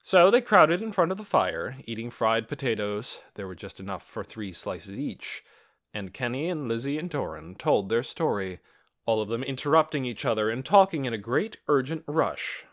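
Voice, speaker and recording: Guy narrating a kids book, bright voice, pitch all over the place. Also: normal speed. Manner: expressive, animated reading. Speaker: audiobook narrator. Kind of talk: scripted storybook narration.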